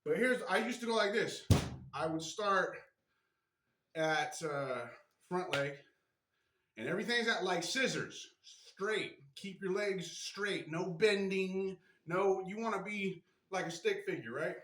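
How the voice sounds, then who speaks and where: Speaking slowly in a high-pitched, fairly bright voice, a martial arts instructor casually shows stretches on camera. He's chatty and slightly strained by the effort, repeatedly adding "right?", with the camera mic catching an echoey room.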